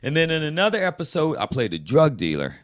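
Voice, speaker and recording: A man from Georgia, a guest actor chatting casually and telling animated stories. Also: fairly high pitch, quick pace. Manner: animated storyteller who slips into voices. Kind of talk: casual chat.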